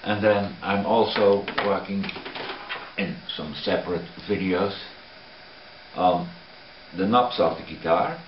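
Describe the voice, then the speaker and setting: A man's voice: low-pitched, roomy sound, dull audio, a little hiss or hum. A man who builds guitars, narrating his workshop work in a casual, plain-spoken way with dry humor.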